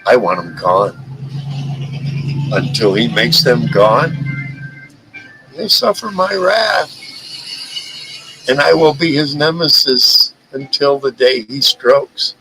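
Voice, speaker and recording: A man's voice: medium pitch, slow pace, noisy background. A man hosting a live stream, talking in a heated, profane rant and often stumbling over and repeating his words. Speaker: livestream host.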